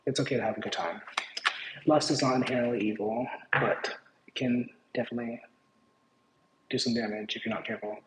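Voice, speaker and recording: A man's voice: medium pitch, fairly even intonation, a little fast, long pauses. Man, casual tarot reading, rambling, playful, echoey room, faint background hiss. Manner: rambling, playful, self-interrupting. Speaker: tarot reader.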